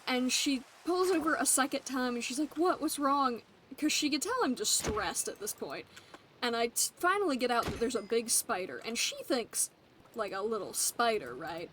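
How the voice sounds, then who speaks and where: Chatty young woman streamer, slightly high. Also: very animated, moderate pace, a bit bright, a little hiss or hum. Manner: chatty, laughs through the story. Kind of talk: casual storytelling while gaming.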